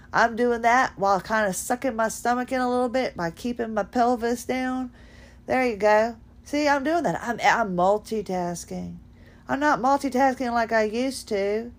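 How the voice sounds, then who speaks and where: Fast-talking, folksy woman podcaster. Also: on the high side. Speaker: podcast host. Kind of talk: casual monologue.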